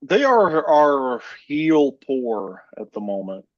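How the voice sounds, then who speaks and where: A man's voice: medium pitch, big pitch swings, slow, lo-fi sound. A man co-hosting a wrestling podcast, laid-back and laughing easily as he explains. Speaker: podcast co-host. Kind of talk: casual chat.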